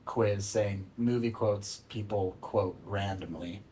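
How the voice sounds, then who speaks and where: A young man hosting a casual podcast, playful and quick to laugh at himself. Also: on the low side, steady tone, mellow, a little hiss or hum. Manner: playful, laughs often, self-mocking. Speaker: podcast host.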